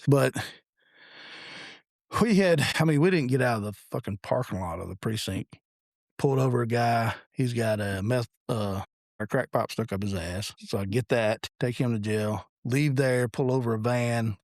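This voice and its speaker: Gravelly, profane cop telling war stories. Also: male voice, mid-range voice, normal speed, no echo, studio quality. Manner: blunt, profane, animated anecdote telling. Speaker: police officer and podcast co-host. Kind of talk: casual storytelling chat.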